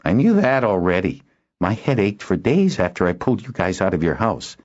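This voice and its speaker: A man voicing a calm, firm young boy. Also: sits low, normal speed, pitched above the performer's own voice. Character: young boy, quiet and steady. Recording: dull lo-fi recording.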